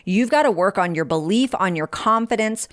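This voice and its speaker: A woman's voice: mid-range voice, lively intonation, moderate pace. A woman hosts a motivational podcast. She speaks in a direct, frank coaching manner and keeps it informal, addressing listeners like friends. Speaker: podcast host.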